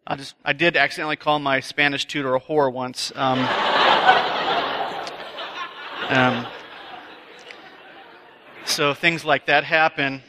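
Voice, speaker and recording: A man's voice: on the high side, lively intonation, takes it slowly, pauses often, over a noisy crowd, heavy background noise. A man speaking at a retreat, telling self-deprecating stories in a chatty sermon to a live audience. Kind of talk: sermon with a humorous personal story. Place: live talk before an audience.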